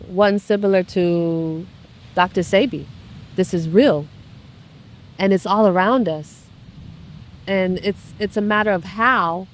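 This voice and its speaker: A woman in casual conversation who tells a story in a halting way, with many fillers and restarts. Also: lowish voice, a little hiss or hum.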